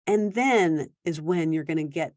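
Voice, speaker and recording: A woman giving parenting advice in a conversational talk, now and then acting out quick quoted exchanges between parent and teen. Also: deep voice, darkish tone, no echo. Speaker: parenting coach.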